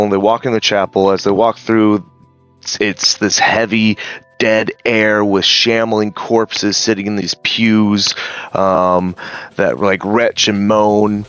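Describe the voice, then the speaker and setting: A man's voice: fairly low pitch, fairly even intonation, measured pace, fairly bright tone, clean tone, faint music behind. A man casually retelling a story, hesitant with many ums and some swearing. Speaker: streamer.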